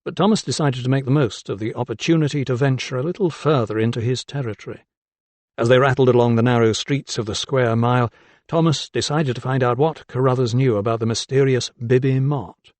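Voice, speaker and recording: A man narrating an audiobook in a calm, even storytelling voice. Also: medium pitch, a little fast, no echo. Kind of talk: scripted narration.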